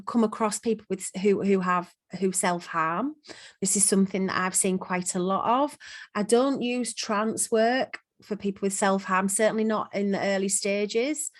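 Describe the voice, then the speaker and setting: A woman, a hypnotherapy trainer, talking casually to a group over a video call, with plenty of ums and restarts. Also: mid-range voice. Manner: chatty, frequent ums and restarts. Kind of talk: casual teaching talk. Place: online peer supervision call.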